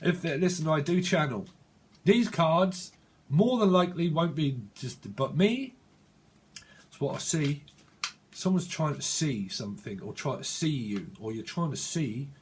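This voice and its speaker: A man's voice: fairly high pitch, lively intonation, measured pace, slight background noise. A man with a British accent giving a casual tarot reading, rambling playfully and acting out imagined voices full of slang. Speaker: tarot reader.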